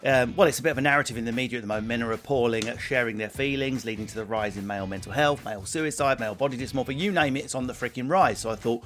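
A man hosting a comic podcast. He talks in rough, crude banter and riffs on his own jokes at a middling pitch. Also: quick pace, few pauses, fairly bright tone, faint music behind. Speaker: podcast host.

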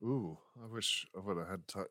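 A man's voice: deep voice, normal speed, no echo, studio quality. A man who is a stand-up comedian, telling stories casually in an interview and acting out the voices of people he quotes. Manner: animated, acts out quoted voices, swears casually.

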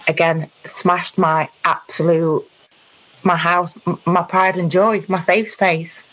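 Halting woman, dull recording. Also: lowish voice, level tone, fairly bright tone. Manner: halting, frequent ums and restarts. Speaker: guest. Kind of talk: personal account in conversation.

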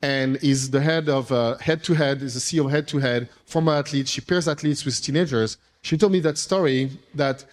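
A man, an entrepreneur, speaking casually to an audience, telling animated, rambling stories with playful swearing. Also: mid-range voice, brisk, few pauses. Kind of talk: casual storytelling talk. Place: event room with audience.

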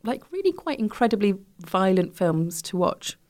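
A woman's voice: mid-range voice, very animated, normal speed, a little mellow. A woman comedian, a guest in a casual interview, telling stories and laughing as she talks.

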